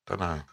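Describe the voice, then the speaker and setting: An older man appears as a musician guest at a Q&A. His answers are relaxed and rambling, full of wry asides and frequent self-corrections.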